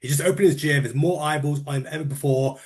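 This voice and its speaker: A man's voice: a little high, fairly even intonation, fast. Chatty man hosting a casual interview. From United Kingdom. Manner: chatty, repeats words, says "look" and "mate". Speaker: interview host.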